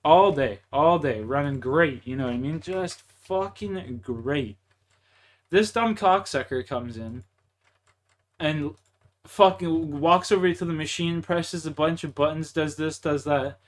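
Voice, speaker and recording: A young man with a Canadian accent, venting in a heated, profanity-heavy rant to his livestream chat while gaming. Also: on the high side. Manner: profane, heated, frustrated ranting.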